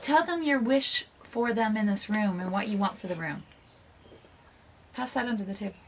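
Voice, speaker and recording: A woman with a medium-pitched voice hosts a casual home vlog at a moderate pace, with a little hiss or hum in the audio. She rambles and is playfully bossy as she chats in a room with ambient noise.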